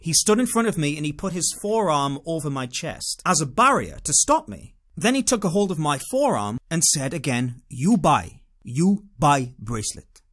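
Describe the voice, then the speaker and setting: British man, dramatic wry storyteller; lively, slightly raised voice. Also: a little high, normal speed, few pauses. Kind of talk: first-person travel storytelling monologue.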